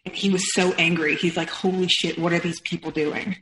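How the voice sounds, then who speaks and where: A woman's voice: fairly low pitch, level tone, fairly bright tone, reverberant, slight background noise, rough recording. A woman in her thirties, a podcast guest, telling a personal story with feeling and acting out what others said. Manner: emotional, quotes others in rapid retelling.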